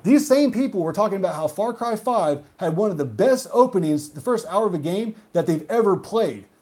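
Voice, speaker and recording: A man hosting a gaming video who rants heatedly and profanely, swinging between loud outbursts and muttered asides. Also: sits high, expressive, fairly quick, slightly rough. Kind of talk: solo rant monologue.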